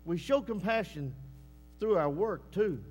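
High-voiced, emotional preacher. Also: male voice, expressive, a little slow. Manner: emotional, storytelling with swings between loud and hushed. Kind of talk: sermon. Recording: long echoing church hall reverb.

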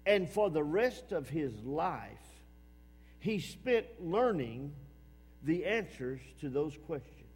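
A man preaching a sermon with emphasis, repeating his phrases and swinging between loud and hushed. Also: on the high side, sing-song, slow, slightly rough, long reverb tail.

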